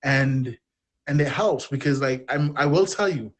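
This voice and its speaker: A man's voice: mid-range voice, measured pace. Candid man telling a personal story. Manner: open, self-deprecating, rambling. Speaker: podcast guest.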